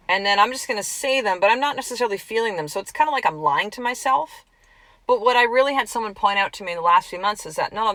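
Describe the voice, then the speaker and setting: A middle-aged woman giving an earnest, chatty motivational talk as a podcast host and coach, slowly repeating affirmations. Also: fairly low pitch, a bit bright, no room sound, poor audio.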